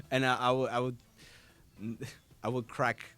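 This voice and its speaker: A man, a voice actor, chatting as a guest on a podcast in a studio, a little congested, talking in an animated way and slipping into quoted voices. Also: medium pitch, a little slow, clear, resonant tone. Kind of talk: casual interview chat. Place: podcast studio in a hobby shop.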